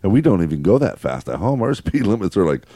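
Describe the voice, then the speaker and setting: A man's voice: low voice, very animated, fast, warm tone, no echo, studio quality. A man in a casual chat, talking in laid-back surfer slang. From Southern California.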